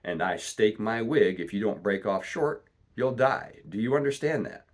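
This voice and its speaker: A man's voice: on the low side, lively intonation, moderate pace. A man voicing a stern country doctor who lectures firmly and plainly, reading a storybook aloud. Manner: firm, lecturing and plain-spoken.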